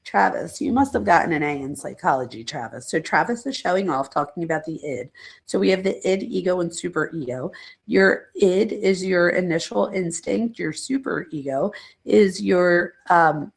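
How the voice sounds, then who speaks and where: A middle-aged woman hosts a casual livestream, explaining ideas and talking straight to her viewers. Her voice is rough with fry and a little husky. She rambles, tosses in asides and pokes fun at herself. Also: on the low side, lively intonation, normal speed. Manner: chatty, rambling, self-deprecating asides; addresses chat viewers directly. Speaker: psychologist and true crime channel host. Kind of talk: casual livestream lecture chat.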